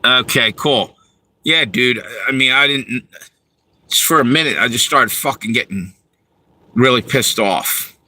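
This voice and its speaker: Brief: a man hosting a livestream, heated and profane, tense bright tone. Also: mid-range voice, a little slow, pauses often, no room sound, low-quality recording. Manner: profane, heated, talks to viewers. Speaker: livestream host reading chat. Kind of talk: angry ranting livestream.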